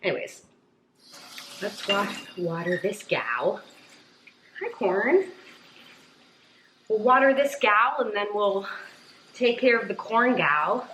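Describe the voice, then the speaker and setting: This woman's voice is medium in pitch, expressive, and sharp, and she takes her time. She's a lifestyle vlogger talking casually to a tripod-mounted camera at home, a little winded from a workout and leaning on fillers like "um" and "like." The low-quality audio carries a faint hiss or hum.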